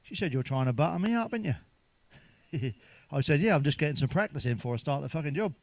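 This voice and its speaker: A man's voice: on the high side, animated, fairly quick, gravelly, no room sound. A man telling crude jokes in a sweary monologue, chuckling at his own punchlines. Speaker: stand-up comedian.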